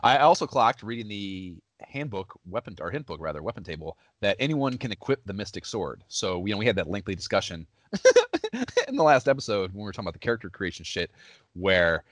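A man co-hosting a casual gaming podcast, talking in an animated, profane way and laughing often. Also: lowish voice, a little fast, no echo. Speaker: podcast co-host.

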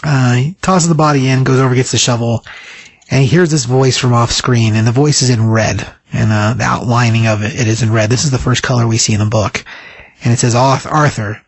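A man's voice: medium pitch, steady tone, fairly quick, breathy edge, dry recording. A man casually recapping a comic book scene by scene, rambling with many fillers.

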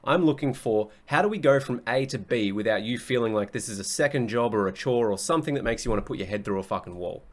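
A man's voice: mid-range voice, expressive, fast talker, few pauses. A young adult man hosting a casual solo podcast as a coach, talking bluntly, swearing often and laughing easily.

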